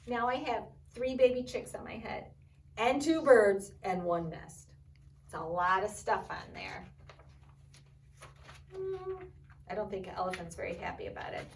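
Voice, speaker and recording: Librarian lady doing storytime, slow and gentle, mic a bit far off. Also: medium pitch, animated. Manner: gentle, asks children questions. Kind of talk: children's storytime reading.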